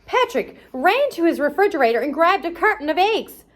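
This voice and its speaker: A woman's voice: very high voice, very animated, a little fast. A woman hosting a children's arts and crafts show, reading a storybook aloud in a playful, sing-song way and talking to the kids directly.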